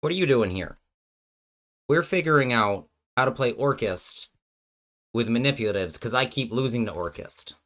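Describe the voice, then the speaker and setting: A male streamer chatting into a desk mic as he works through card game plays. He jokes back and forth with his chat and thinks out loud, often dropping sentences halfway. His pitch sits in the ordinary middle range for a man. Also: animated, normal speed. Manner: joking with chat, thinking aloud, trailing off mid-sentence. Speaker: streamer and host.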